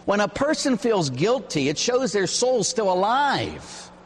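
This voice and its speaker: Man, priest, sermon, emphatic storytelling, lively pitch, slightly high voice. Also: measured pace, in a large hall, a little hiss or hum. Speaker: Catholic priest.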